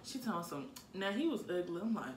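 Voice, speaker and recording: A woman's voice: medium pitch, a little fast, reverberant, a crowd in the background. A woman chatting casually with friends, blunt and full of laughs as she tells stories. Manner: lively, blunt, laughing storyteller. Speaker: co-host. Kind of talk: casual chat among friends.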